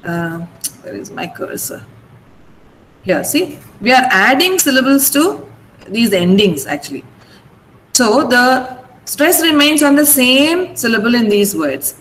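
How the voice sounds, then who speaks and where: A woman's voice: on the high side, sing-song, measured pace, fairly bright tone, slight background noise, low-quality recording. A woman teacher running an online class, patiently spelling out word endings and explaining which syllable is stressed. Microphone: video call.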